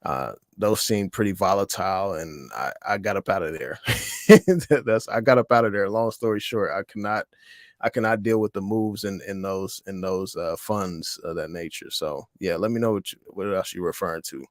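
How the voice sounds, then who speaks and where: A man's voice: low-pitched, moderate pace, no echo, studio quality. A man hosting an investing livestream, chatting casually with viewers in a rambling, slangy way with lots of fillers. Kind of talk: casual livestream chat reading viewer comments.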